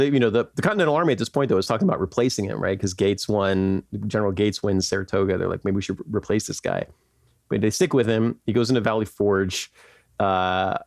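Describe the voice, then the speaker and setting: A man's voice: on the low side, no room sound, studio quality. A man hosting a podcast, telling history in a loose, rambling way, laughing often and tossing in "like" and "right?". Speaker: podcast host. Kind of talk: casual history storytelling.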